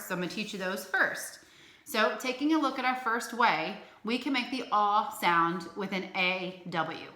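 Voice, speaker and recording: A woman teaching a remote phonics lesson to young children, speaking slowly and clearly and chanting letter sounds. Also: mid-range voice, pushed and bright, echoey room, rough recording. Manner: slow, clear, encouraging, with sung chants. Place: room at home, alone.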